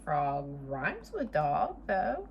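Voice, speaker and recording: A woman's voice: low-pitched, huge pitch swings, very slow, gravelly, dull audio, slight background noise. A woman reading a picture book aloud to children at home, chatting and asking them to raise their hands. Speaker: children's storyteller.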